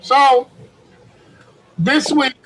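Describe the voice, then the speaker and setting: Middle-aged man, very high voice, loose slangy storyteller with lots of swearing, heard over a video call. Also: very slow, low-quality recording. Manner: animated, profane, slangy storyteller. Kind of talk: casual storytelling on a group call.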